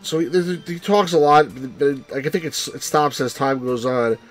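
A man's voice: medium pitch, moderate pace, faint music behind. A man hosting a let's play, rambling and wry as he comments on a game, with the odd swear.

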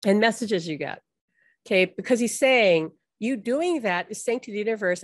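A woman with a mid-range voice talks casually and warmly to her listeners about spiritual guidance. She is chatty, laughs often and fills her sentences with "like". The sound is dry and close, with no room echo. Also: mid-range voice, expressive, moderate pace. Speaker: spiritual teacher and channel. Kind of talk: casual talk to an audience.

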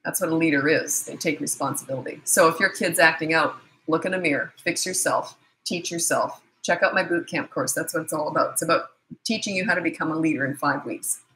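A woman's voice: low-pitched, brisk, a bit bright, slight background noise, low-quality recording. A middle-aged woman parenting coach giving blunt, emphatic advice in a casual talk, acting out short exchanges between parents and children.

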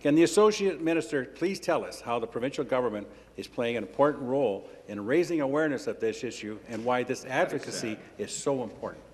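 A man's voice: medium pitch, lively intonation, fast talker, hardly any pauses, noisy background. Man asking a formal question in a chamber. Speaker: member of the legislature. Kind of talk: parliamentary question. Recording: reverberant legislative chamber.

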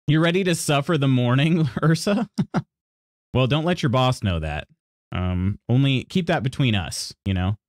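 A man chatting on a stream in a dry, close voice, with pitch that swings up and down. He rambles through half-finished sentences, apologizes and laughs often. He reads chat messages aloud. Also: expressive, normal speed, no echo. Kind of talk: casual chat with viewers.

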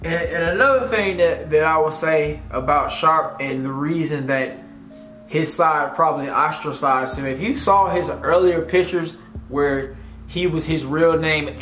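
A blunt, scornful man ranting in casual commentary, his voice sitting a bit high for a man. His talk rambles and circles back on itself. The room is echoey, with faint music underneath. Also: fairly bright tone. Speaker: commentary channel host.

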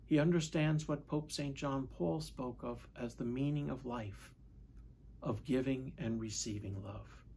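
A man, a priest, giving a measured, reflective Sunday homily and asking questions of his listeners. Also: medium pitch, creaky, mellow, slight background noise. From United States.

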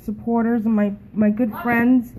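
A woman talking to a phone camera in an emotional, halting way, often repeating herself. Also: a little high, little pitch movement, warm tone, poor audio. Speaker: network marketing team member. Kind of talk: emotional casual talk to camera.

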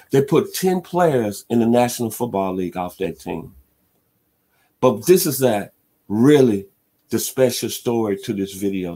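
Animated male sports radio storyteller. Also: on the low side. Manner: animated storyteller who chants crowd cheers and hums band tunes. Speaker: sports talk radio host. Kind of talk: dramatic retelling of a football game.

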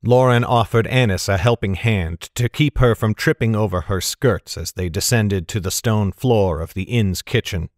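A man narrating a fantasy novel in a steady, measured storytelling manner. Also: fairly low pitch, no room sound, clean studio sound. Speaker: audiobook narrator.

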